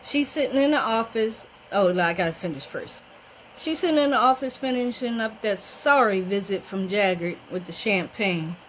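Animated woman recapping a TV show. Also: mid-range voice, normal speed, a little hiss or hum, rough recording. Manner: animated, talks back to the characters. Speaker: TV recap vlogger. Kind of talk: casual soap-opera recap.

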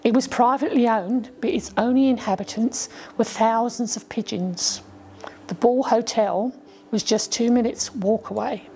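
A woman reading her own children's story aloud as a storyteller, gently voicing the children's lines. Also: a little high, moderate pace, slight background noise. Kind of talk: storybook narration.

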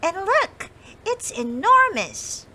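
A squeaky little girl mouse, proud and full of cheer, her voice shooting up high and bouncing around. A woman acts her out in a storybook reading. The lines come out quick and bright. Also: very animated, exaggerated voice. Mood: excited.

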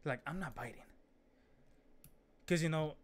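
An excitable young man talks through a reaction video in a loose, rambling way. He often loses his thread and starts over. His voice sits a little high for a man. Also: measured pace, slight background noise. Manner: excitable, rambling, trails off and restarts. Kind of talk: casual reaction commentary.

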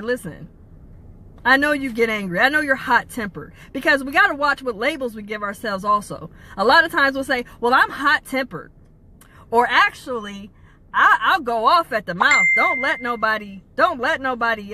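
Bright, high-voiced woman coaching with emphasis. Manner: emphatic, asks rhetorical questions, lively pitch swings. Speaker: life coach. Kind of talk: motivational talk.

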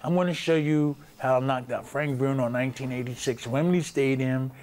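A man's voice: medium pitch, fairly quick, darkish tone. A man, a former champion, casually demonstrating a punch and repeating himself as he shows the moves. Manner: loose, repetitive, talking while demonstrating moves. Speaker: boxing coach.

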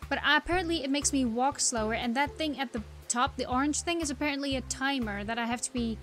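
High-voiced young woman playing a game. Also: fast, fairly bright tone. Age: young adult. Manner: chatty, wry asides. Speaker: game streamer. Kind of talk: let's-play commentary. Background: faint game music.

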